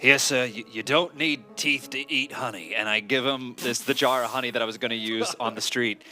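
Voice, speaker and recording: A gruff hero of a tabletop game, as a man puts him on, growls out threats in a shaky put-on accent that will not sit still. The delivery is halting and mock-menacing over steady background music. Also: medium pitch, lightly acted. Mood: wry. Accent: put-on wavering accent. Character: gruff male adventurer hero threatening a thug.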